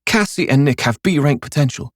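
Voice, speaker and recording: A man's voice: fairly high pitch, expressive, a little fast, dry recording, studio quality, pitched above the performer's own voice. A man voicing a cold, bitter scheming woman. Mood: resentful. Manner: sullen, sarcastic, cold. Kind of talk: audiobook character voice.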